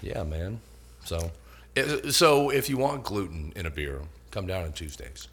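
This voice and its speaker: A man's voice: sits low, expressive, measured pace, fairly bright tone, breathy edge. A man co-hosting a casual podcast, trading jokes and irreverent banter. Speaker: podcast co-host. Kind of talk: casual chat.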